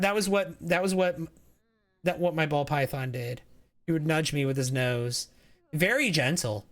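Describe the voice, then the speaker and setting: A man's voice: fairly high pitch, fairly bright tone. A man streaming a game, chatting casually in a rambling way, reading chat aloud and often restarting his sentences.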